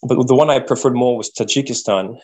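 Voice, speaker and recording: A man from Quebec, a podcast guest telling travel stories in a casual, animated way, often repeating words as he thinks. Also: medium pitch, a little fast, low-quality recording. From Quebec, Canada. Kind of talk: casual interview storytelling.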